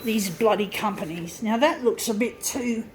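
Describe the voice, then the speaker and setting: A woman's voice: fairly high pitch, normal speed, background noise. A woman vlogger ranting to her camera, swearing, sighing and exasperated, recorded on a camera mic indoors beside an office copier. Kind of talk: angry rant to camera. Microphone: camera mic, set down nearby.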